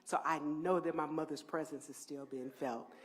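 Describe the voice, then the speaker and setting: The head of a housing agency, a middle-aged woman with a deep voice, delivers an emotional address at a press event through a podium mic. Her intonation stays fairly even and her speed normal, yet her volume swings from near-whispers to forceful peaks as she thanks people.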